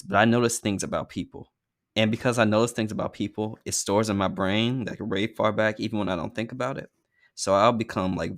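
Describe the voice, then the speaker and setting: A man co-hosting a podcast in casual chat, frank and joking. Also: fairly low pitch. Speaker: podcast co-host.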